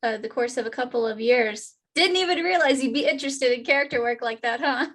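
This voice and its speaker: A woman's voice: a little high, fairly quick, fairly bright tone. A woman hosting an interview, asking questions in an upbeat, encouraging way. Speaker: podcast host.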